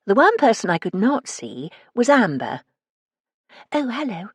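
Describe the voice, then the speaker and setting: A woman narrating a first-person mystery audiobook in a wry, lively storytelling manner. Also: medium pitch, normal speed, slightly rough, no room sound.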